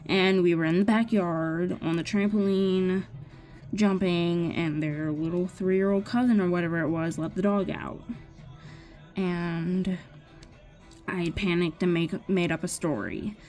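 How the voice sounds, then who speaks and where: A woman's voice: fairly low pitch, fairly even intonation, measured pace, darkish tone, soft background music. A young woman telling a rambling personal story in a casual chat while crafting, often restarting her sentences. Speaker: vlogger.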